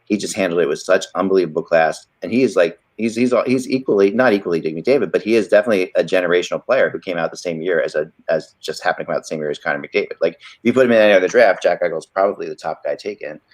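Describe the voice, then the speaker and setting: Male podcast host, very low voice, loose rambling hockey chat. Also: very fast, few pauses. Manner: rambling, many restarts.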